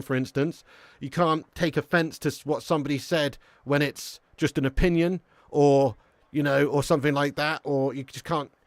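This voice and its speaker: A man hosts a live football watch-along, his voice sitting slightly high. He talks in quick, excitable banter and laughs often as he answers chat. The sound is dry and close. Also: no room sound. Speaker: live stream host watching a football match.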